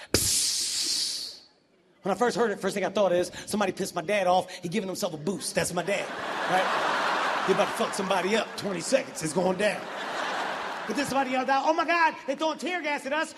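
A man performing a stand-up comedy set on a big stage, telling stories in an animated, profane way and bursting into shouts. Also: high voice, slightly rough. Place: large live venue on stage. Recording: reverberant hall with constant background noise.

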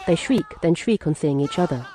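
Woman, matter-of-fact audio describer, slightly low voice, film music and crowd noise behind. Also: lively intonation, brisk.

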